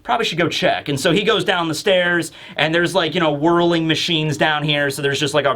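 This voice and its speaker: A young man talks through a manga chapter in a casual, animated way. His voice sits high for a man and sounds bright and forceful. He keeps jumping up into even higher voices to act out the characters' lines. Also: a little fast. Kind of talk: casual recap and commentary.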